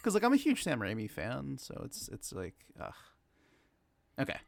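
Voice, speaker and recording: Gravelly, rambling man podcast co-host. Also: medium pitch, huge pitch swings, moderate pace. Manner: rambling, hesitant, lots of fillers and restarts. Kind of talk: casual chat.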